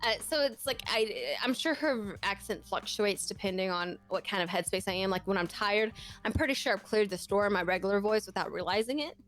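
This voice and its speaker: A woman's voice: mid-range voice, lively intonation, fairly quick, few pauses, fairly bright tone, soft background music. A young woman from Texas with a slight Texan accent, chatting casually and at length as a podcast guest, rambling and self-deprecating. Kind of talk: casual chat.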